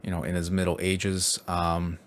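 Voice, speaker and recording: A young man from New York City talking to camera in a loose, rambling vlog style. His voice sits on the low side. He fills pauses often and keeps a wry, crude tone throughout. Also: monotone. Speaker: vlogger. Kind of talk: casual rambling chat.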